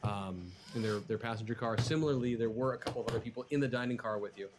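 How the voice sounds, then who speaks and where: A man running a tabletop role-playing game, relaxed and laughing easily, with many hesitant fillers. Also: mid-range voice, fast, background noise. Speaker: game master.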